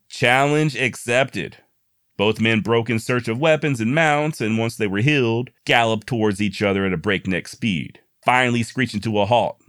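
A man's voice: on the low side, a bit bright, no echo, clean studio sound. A man telling a frontier history tale in a casual, folksy way with wry joking asides. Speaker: history storyteller, host.

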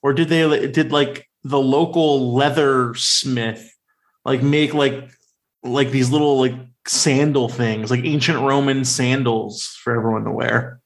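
A man co-hosting a casual podcast, rambling with lots of fillers and animated questions. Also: mid-range voice, unhurried. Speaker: podcast co-host. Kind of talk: casual chat.

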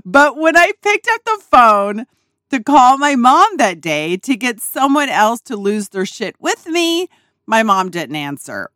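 A woman hosting a podcast who tells a personal story in a casual, animated way, laughing often and swearing freely, recorded in a small RV dinette. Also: a little high, moderate pace, no echo, studio quality. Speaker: podcast host.

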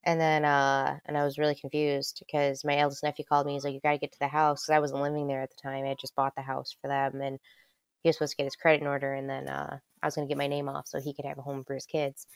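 A woman's voice: very deep voice, monotone, fast, clear, resonant tone, dry recording, clean studio sound. A woman telling a personal story in casual conversation, candid and loose, swearing freely with lots of ums. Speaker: guest.

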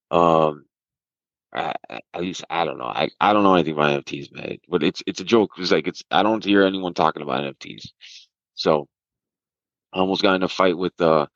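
A man's voice: deep voice, no echo, dull audio. A man who trades stocks, rambling through market talk and a party story, restarting sentences often. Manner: rambling, animated, restarts a lot. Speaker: podcast host and stock trader.

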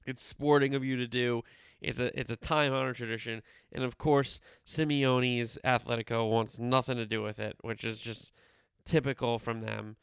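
A man's voice: medium pitch, gravelly, clean tone, dry recording, studio quality. A man casually running through soccer scores and previews as a podcast host, rambling and correcting himself as he goes. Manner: conversational, rambling with fillers and self-corrections. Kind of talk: casual sports roundup.

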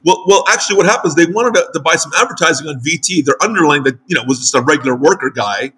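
A man's voice: fairly high pitch, fast, slightly rough. An American man from New York, hosting a casual interview. He tells stories animatedly, with lots of restarts and quoted dialogue. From United States. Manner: animated storytelling with frequent restarts. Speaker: show host and site publisher. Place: home in northern Mexico.

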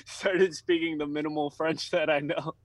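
A man co-hosting a casual chat with a slightly high voice. He tells quick joking anecdotes, recorded close and dry. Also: flat delivery, dry recording, poor audio. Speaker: co-host.

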